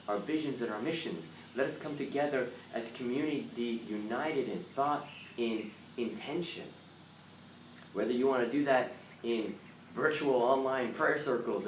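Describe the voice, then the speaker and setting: A man hosting a live motivational talk, earnest and animated, now and then acting out panicked voices. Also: mid-range voice. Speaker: live stream host. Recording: roomy, from a distance, faint background noise.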